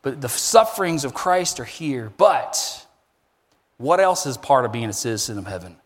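A man preaching a sermon as pastor, emphatic and animated, his voice rising high on key words. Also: normal speed, long reverb tail.

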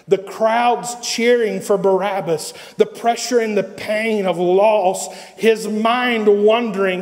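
A male pastor preaching a sermon with dramatic pauses and repeated phrases. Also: high-pitched, long reverb tail.

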